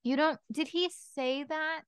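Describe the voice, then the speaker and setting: A woman playing a tabletop game, teasing and quick in her remarks. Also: high voice, steady tone, dry recording, studio quality. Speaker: player. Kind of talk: casual tabletop game play.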